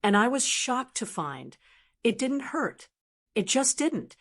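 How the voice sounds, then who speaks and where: Older woman, storyteller, calm, measured, firm, audiobook reading. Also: on the high side. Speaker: narrator. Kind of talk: first-person story narration.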